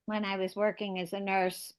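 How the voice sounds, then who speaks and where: A woman from the audience, once a nurse, recounts a personal story in a plain, candid way. She clears her throat now and then. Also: mid-range voice, level tone, normal speed. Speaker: audience member, former nurse.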